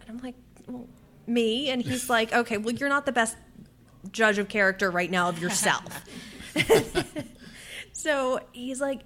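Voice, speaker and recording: Animated woman telling stories with laughs. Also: fairly high pitch, normal speed. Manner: animated storytelling, acting out her own dialogue with frequent laughs. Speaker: author and podcaster, guest. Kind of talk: conversational interview.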